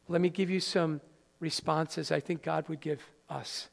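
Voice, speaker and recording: High-pitched guy preaching to his church, earnest and chatty, big echoey hall. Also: steady tone, unhurried, creaky. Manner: earnest, conversational preaching with playful asides to the congregation. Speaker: pastor. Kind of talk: sermon. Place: church sanctuary. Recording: live hall reverb.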